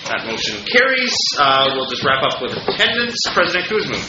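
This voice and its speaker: A man's voice: on the high side, sing-song, brisk. A man chairing a student council meeting, procedural with many fillers and restarts. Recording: roomy, dull, noisy meeting room.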